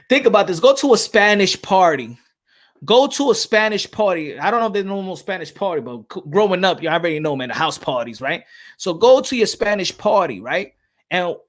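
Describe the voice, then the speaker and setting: A man's voice: high voice, fairly bright tone. A man from New York with a New York accent, talking in a loose, rambling way, full of restarts and "you know what I'm saying". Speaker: boxing channel host. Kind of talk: casual chat.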